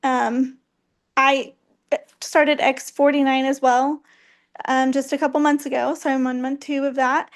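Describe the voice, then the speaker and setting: A woman's voice: sits high, flat delivery, unhurried. A woman sharing a personal testimony as a guest, heartfelt and hesitant, with many ums.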